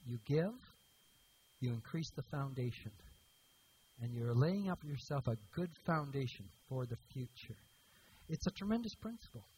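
A man's voice: mid-range voice, lively intonation, normal speed, darkish tone, slight background noise, rough recording. A man preaching a sermon as pastor, emphatic and repeating key words for stress.

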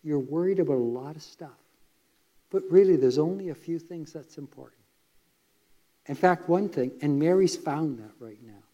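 A man voicing a patient, gentle male teacher who speaks softly to calm a worried woman. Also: a little high, moderate pace, highs cut off, lightly acted. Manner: soft, hushed, calming.

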